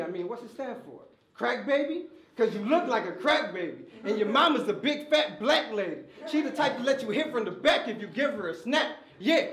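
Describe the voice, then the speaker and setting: High-voiced man taunting in battle rap. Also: fairly bright tone, echoey room. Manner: taunting, punchline-heavy delivery. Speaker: battle rapper. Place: indoor battle event.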